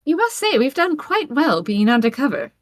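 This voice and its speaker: A woman's voice: high voice, very animated, normal speed, no echo, voice pushed up. Woman playing a formal captain, prim and evasive, tabletop game. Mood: reassuring.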